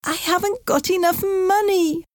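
A woman voicing a frightened, fretful elderly aunt in an audiobook, pleading in a high, trembling voice. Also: steady tone, measured pace, no room sound, studio quality. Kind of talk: audiobook character voice.

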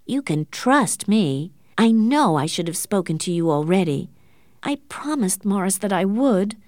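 A woman reading the part of a meddling, excitable middle-aged aunt, insistent and fussy. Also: a little slow, no echo, studio quality. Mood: coaxing. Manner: insistent and fussy, rising shrill when upset. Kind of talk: audiobook character reading.

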